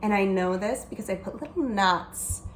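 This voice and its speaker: A woman's voice: medium pitch, normal speed, reverberant, slight background noise. A woman hosting a casual chat show, talking in an upbeat, chatty way and laughing often. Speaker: host. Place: indoors by a large window.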